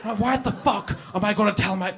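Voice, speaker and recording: A man's voice: high voice, a bit bright. A young man doing rowdy, profane stand-up in front of a live club audience, jumping into little character voices. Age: young adult. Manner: rowdy, profane, acts out characters in quick bursts. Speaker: stand-up comedian. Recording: live club recording with crowd noise. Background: audience laughing and cheering.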